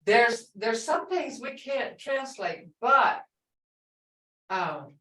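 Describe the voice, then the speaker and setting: A woman's voice: fairly high pitch, expressive, extremely slow, fairly bright tone. A woman language teacher in a classroom lesson, explaining words patiently and repeating phrases. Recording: echoey room, voice from far off.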